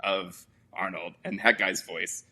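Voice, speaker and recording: A man's voice: deep voice, little pitch movement, a little slow, pushed and bright, husky. A man hosting a casual movie review podcast, telling stories in a rambling way with lots of fillers. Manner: rambling, filler-heavy storytelling. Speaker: podcast host.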